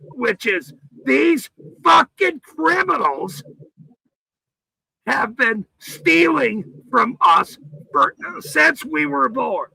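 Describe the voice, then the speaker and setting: A man hosting a livestream, ranting with heavy profanity and frequent shouting. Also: very high voice, very animated, extremely slow, vocal fry, husky, no room sound, rough recording. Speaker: livestream host.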